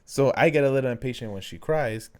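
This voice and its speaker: A young man co-hosting a podcast in casual chat, telling stories and acting out quotes with sudden high jumps in his voice. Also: fast, a little hiss or hum. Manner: animated storyteller, acts out quotes with big pitch jumps. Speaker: podcast co-host.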